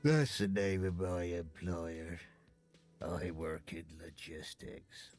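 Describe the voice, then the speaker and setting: An actor playing a weary, grumpy dock worker in a video game. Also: male voice, low voice, fairly even intonation, music in the background. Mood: glum. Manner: slow, glum, unenthusiastic.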